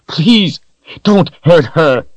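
A man's voice: a little high, lively intonation, drawn-out words, no room sound, muffled recording, pitched above the performer's own voice. A man voicing a desperate young male hero who begs in a strained, tearful voice. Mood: pleading.

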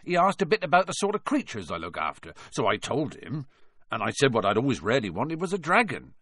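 A big, friendly gamekeeper rambles along in a casual, chatty manner, as a man reading a storybook puts him on. His pitch wanders up and down. The sound is close and dry. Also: wildly swooping pitch, fairly quick, fairly bright tone, dry recording, exaggerated voice.

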